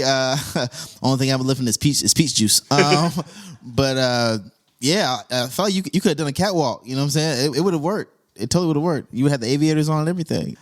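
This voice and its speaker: A young man hosting a casual chat, telling stories with lots of laughter. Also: medium pitch. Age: young adult. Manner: animated storyteller, laughs often, goes on tangents. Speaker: podcast host.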